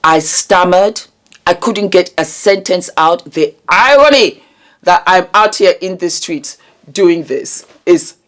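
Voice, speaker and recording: A woman hosting her own channel, talking earnestly and emotionally about vulnerability and healing, with deliberate repetitions. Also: deep voice. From United Kingdom. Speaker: channel host. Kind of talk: reflective commentary vlog.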